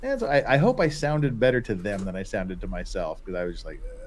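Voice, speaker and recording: A man's voice: lowish voice, lively intonation, fast talker, a little mellow. A sleep-deprived man hosting a casual livestream chat, rambling and swearing casually. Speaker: host.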